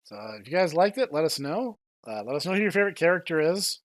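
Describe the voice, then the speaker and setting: A young man hosting a podcast in casual chat, lively and quick to laugh, often stumbling over his words. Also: a little high, dry recording. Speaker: podcast host.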